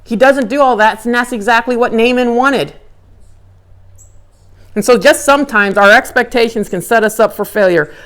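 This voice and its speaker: A woman giving a conversational Bible lecture, animated and acting out characters' inner dialogue. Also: fairly high pitch, moderate pace. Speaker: Bible teacher.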